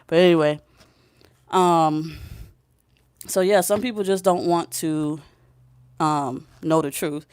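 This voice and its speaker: A woman with a smooth, clear voice, recorded close and dry, giving spiritual guidance in a casual vlog. She is emphatic and blunt, swears freely, and keeps checking in with the listener. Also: fairly low pitch, dry recording. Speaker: spiritual reader.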